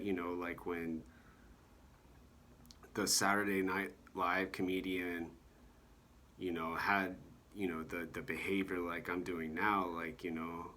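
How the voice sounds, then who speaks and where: A man giving a meandering monologue about comedy, halting often and filling gaps with "you know" and "like". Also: low voice, sharp tone, a little hiss or hum.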